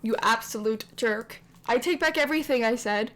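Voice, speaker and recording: A woman's voice: a little high, moderate pace, fairly bright tone, lightly acted. A woman voicing a bitter, estranged grown daughter who speaks bluntly and indignantly, in a life-sim story narration. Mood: angry. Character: bitter estranged adult daughter, warning then scolding.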